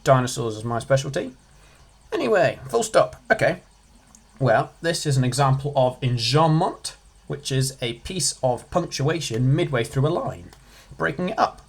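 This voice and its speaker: A man's voice: medium pitch, moderate pace, creaky. A man giving a casual revision lesson as a tutor, chatty, with jokey asides, stressing single words.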